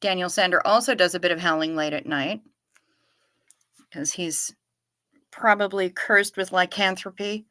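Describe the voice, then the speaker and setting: A woman with a bright, forceful voice chats her way through a casual livestream, reading viewer comments aloud and answering them. The sound is close and dry, with no room echo behind her. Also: on the low side, unhurried, long pauses. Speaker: livestream host.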